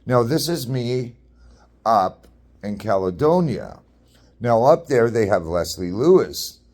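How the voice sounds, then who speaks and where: A man's voice: mid-range voice, very animated, slow, a little mellow. A man telling a story in a casual rant, blunt, profane and repetitive. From Canada.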